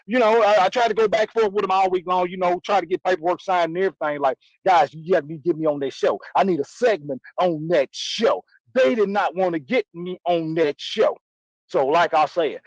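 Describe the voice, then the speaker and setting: A man's voice: on the high side, no echo, lightly acted. A man putting on a boastful, rowdy backwoods moonshiner character, talking in a brash, rambling, hollering way for a comedy sketch. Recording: dull lo-fi dry sound.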